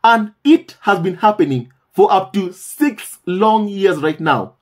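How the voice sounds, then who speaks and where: A man's voice: high-pitched, expressive, slow pace. A man hosting a commentary channel, talking in a casual monologue, emphatic and repeating phrases for stress, often calling his viewers "my family".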